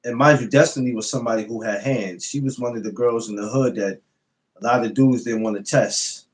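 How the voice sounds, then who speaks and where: A man's voice: medium pitch, a little fast, rough recording. A man telling stories in a laid-back casual podcast chat. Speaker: podcast co-host.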